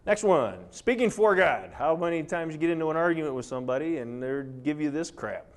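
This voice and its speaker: A man delivering a live talk to an audience, sarcastic and animated. He gets charged up as he goes and keeps checking in with listeners between points. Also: on the high side, a little fast. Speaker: presenter.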